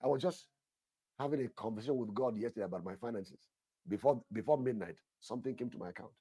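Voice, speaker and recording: A man's voice: medium pitch, fast, dark tone, slightly rough, dry recording. A man preaching a fervent sermon, repeating himself and addressing listeners directly as sir. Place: church altar session.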